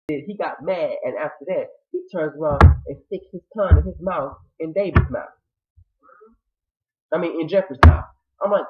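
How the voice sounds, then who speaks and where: A man recapping a TV drama episode in a casual, animated retelling, acting out the characters' lines and his own reactions. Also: on the high side, fairly quick. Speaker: TV show reviewer. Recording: tinny phone-like audio.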